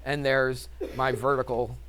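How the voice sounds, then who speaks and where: A man's voice: mid-range voice, measured pace. A man teaching a math class, telling a story with lots of laughter and acting it out, then teasing his students. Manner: animated, laughs often, acts out story.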